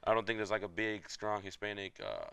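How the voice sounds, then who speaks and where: A young man from New York chats fast and loose as a guest DJ, loud and easygoing. His voice is bright and crisp, recorded dry and close with hardly any room sound. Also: on the low side, big pitch swings, dry recording. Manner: laid-back, loud and chatty, says "you know what I'm saying" a lot. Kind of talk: casual interview chat.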